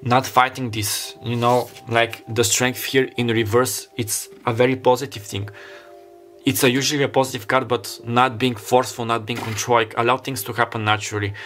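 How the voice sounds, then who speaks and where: Guy doing a tarot reading, mid pitch, kind of rambly and heartfelt, hunts for words, faint music behind. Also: flat delivery, normal speed, fairly bright tone. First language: Bulgarian. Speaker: tarot card reader. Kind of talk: pick-a-card tarot reading.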